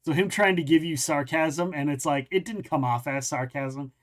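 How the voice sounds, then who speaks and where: A man's voice: a little high, normal speed. A man running a tabletop game as game master, narrating with frequent restarts while he searches for words.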